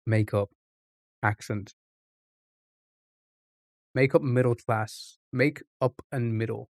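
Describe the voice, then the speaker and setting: A man's voice: medium pitch, steady tone, takes it slowly, no echo, studio quality. A man casually chatting on a live stream, rambling and thinking aloud, often repeating himself.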